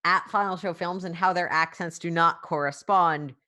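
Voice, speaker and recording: Low-voiced woman asking rules questions. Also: fairly even intonation, moderate pace, bright, forceful tone. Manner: asks rules questions, thinks aloud. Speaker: player. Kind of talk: casual tabletop game play.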